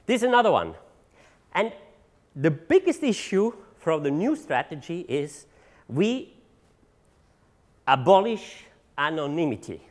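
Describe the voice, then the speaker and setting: Animated man giving a talk. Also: sits high. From Switzerland. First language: German. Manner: halting, repeats words, searches for English words. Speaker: drug treatment agency leader giving a seminar talk. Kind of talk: conference presentation. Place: seminar room.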